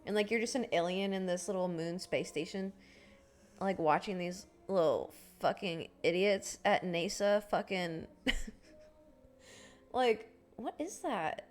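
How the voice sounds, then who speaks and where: A woman's voice: on the low side, unhurried. Rambling, swearing woman streamer. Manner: rambling, swearing, laughs often. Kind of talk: casual livestream chat.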